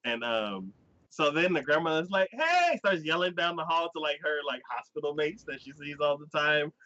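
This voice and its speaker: A man hosting a casual podcast chat, recapping a story with lively energy and acting out the characters' lines. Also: a little high, normal speed, no room sound. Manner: animated storyteller who acts out characters' lines in quoted voices. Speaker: podcast host. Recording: dull, dry lo-fi recording.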